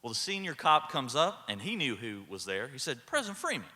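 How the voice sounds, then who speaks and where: A man's voice: medium pitch, sing-song, normal speed, sharp tone. A man delivering a humorous commencement keynote from a podium, telling a story in a folksy way with dry humor. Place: large ceremony hall. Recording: echoey hall.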